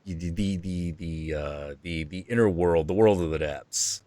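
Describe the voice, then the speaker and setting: A man in a casual chat who speaks slowly and reflectively, musing with many pauses. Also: deep voice, dark tone.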